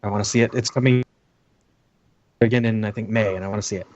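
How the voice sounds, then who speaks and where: A man guesting on a casual podcast, relaxed and laid-back in his replies. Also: on the low side, fast, dull audio, a crowd in the background. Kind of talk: casual chat.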